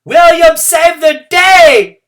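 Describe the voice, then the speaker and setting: A man reading a storybook aloud and voicing a bossy, excitable kindergarten girl who shouts her lines. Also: extremely high pitch, slow, distant mic, voice pushed up, full character voice. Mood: excited shouting. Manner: loud exclamatory shouting.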